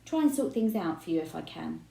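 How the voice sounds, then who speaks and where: A woman's voice: low-pitched, big pitch swings, a little fast, vocal fry, dark tone, heavily acted. A woman doing a stern, short-tempered dad. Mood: gentle. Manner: stern, barking orders. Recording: roomy echo.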